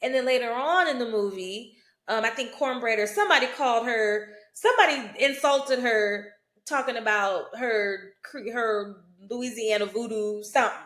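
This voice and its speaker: A fairly high-voiced woman talks through a film in a relaxed, conversational way, often tossing in "you know" and "right?". She speaks as a root worker. Her voice rings off the walls of an echoey room. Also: normal speed. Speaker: hoodoo root worker and vlogger. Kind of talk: casual film commentary.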